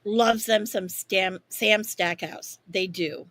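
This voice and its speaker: A woman co-hosting a wrestling podcast, chatting casually with lots of swearing and rambling, animated stories. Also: medium pitch, slow. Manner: profane, rambling, animated storytelling. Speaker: podcast co-host.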